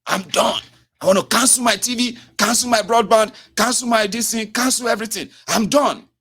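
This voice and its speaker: A man voicing a furious male customer who shouts that he wants his service cancelled. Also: high-pitched, normal speed, husky, pitched above the performer's own voice, heavily acted. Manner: shouting, ranting accusations.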